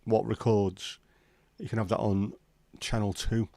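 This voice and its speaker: A man's voice: fairly low pitch, level tone, a little slow, vocal fry, dark tone, no room sound. A man with a Liverpool accent hosting a casual livestream chat, rambling and sweary as he banters with viewers. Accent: Scouse. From Liverpool, England. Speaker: livestream host.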